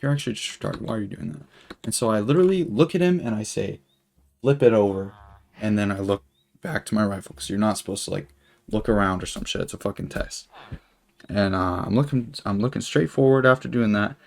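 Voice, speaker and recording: This young streamer in his twenties has a fairly low, gravelly voice. While gaming he launches into a long, meandering story, peppered with swearing and constant fillers.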